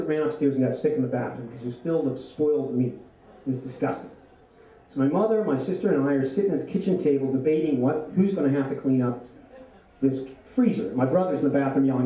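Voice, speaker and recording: A man's voice: on the high side, dark tone. Man telling a story in an echoey room. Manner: chatty, laughs often while telling. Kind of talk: live storytelling on stage. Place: event venue, from a distance. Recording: roomy and echoey from far off.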